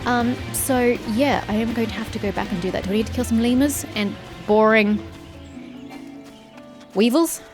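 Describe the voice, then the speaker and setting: Pausing often at a moderate pace, a woman with a slightly high voice narrates her gameplay despite a sore throat. She keeps up a sarcastic, chatty let's-play commentary full of teasing jabs at the characters, over faint game music.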